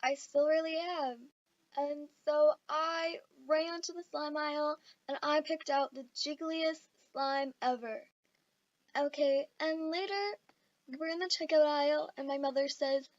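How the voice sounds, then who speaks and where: High-voiced woman rambling through a story time. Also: unhurried, dry recording, muffled recording. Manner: rambling and self-mocking, with fillers and swearing. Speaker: vlogger telling a story time.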